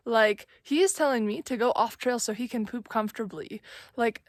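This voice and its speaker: Młoda kobieta z akcentem z Zachodniego Wybrzeża USA, nagrywająca na szlaku swobodnego vloga z wędrówki i opowiadająca gadatliwie, z mnóstwem wtrąceń „like”. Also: female voice, fairly high pitch, fairly quick, dry recording. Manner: chatty, many "like" fillers, exasperated storytelling. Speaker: thru-hiker vlogger. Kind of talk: casual vlog storytelling. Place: outdoors on a mountain trail.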